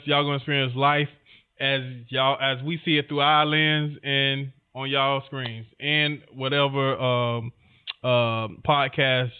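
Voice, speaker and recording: Smooth-voiced man, phone-thin sound. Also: mid-range voice, phone-quality sound. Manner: laid-back, rambling, talks straight to listeners. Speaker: podcast co-host. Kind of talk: casual conversation.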